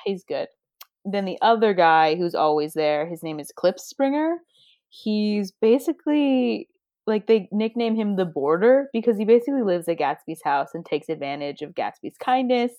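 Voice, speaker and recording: A woman's voice: mid-range voice, expressive, moderate pace, darkish tone, dry recording, clean studio sound. Chatty young woman podcast co-host. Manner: chatty, giggly, quotes characters playfully. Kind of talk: casual book discussion.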